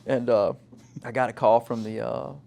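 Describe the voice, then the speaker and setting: A man's voice: medium pitch, normal speed, vocal fry. A man from South Louisiana, telling stories in casual chat and acting out the quotes with lots of laughter. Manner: animated storyteller, acts out quotes in a raised voice, laughs often. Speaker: guest, company owner.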